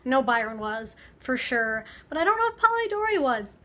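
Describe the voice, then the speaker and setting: A woman's voice: sits high, very animated, a little fast, pushed and bright. A young woman vlogging, telling a story in a rambling, sarcastic way full of fillers, talking to the camera. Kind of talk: casual storytelling vlog.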